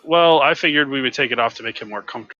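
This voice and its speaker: A young man playing at a tabletop game, talking in a quick, dry, joking way. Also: mid-range voice, sharp tone, dry recording, dull audio. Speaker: player. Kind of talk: casual chat at a tabletop game.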